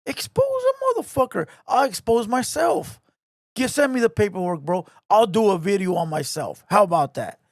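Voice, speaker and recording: A man's voice: sits high, big pitch swings, moderate pace, dry recording, studio quality. A man ranting to camera, taunting and repeating himself in a confrontational way. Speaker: online commentator. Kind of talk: heated rant to camera. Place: home garage.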